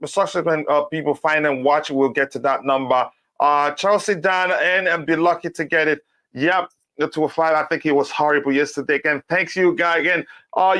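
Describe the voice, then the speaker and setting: A man hosting a casual live football review, reading out player stats with many fillers and pauses. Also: fairly high pitch, a bit bright. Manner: halting, reads stats aloud with many fillers. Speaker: host of a football review show.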